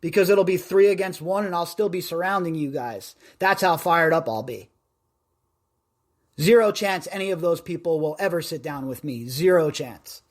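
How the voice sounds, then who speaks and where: High-pitched guy from vegas rambling on his podcast live stream, loud and chatty. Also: normal speed. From Las Vegas, USA. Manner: rambling, self-described loudmouth. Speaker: podcast host. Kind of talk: casual live-stream chat.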